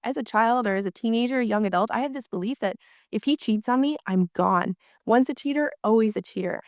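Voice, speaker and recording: A woman's voice: fairly high pitch, brisk, no echo, studio quality. A woman marriage coach explaining her methods as a guest in a conversation, acting out inner voices as she goes. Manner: animated, acts out inner voices.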